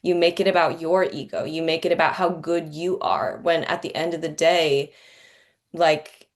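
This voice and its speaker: Deep-voiced woman host, earnest n candid, lots of "like"s, reflective chat. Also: steady tone, moderate pace. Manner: earnest, candid, frequent "like" fillers. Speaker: podcast host. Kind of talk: reflective conversational storytelling.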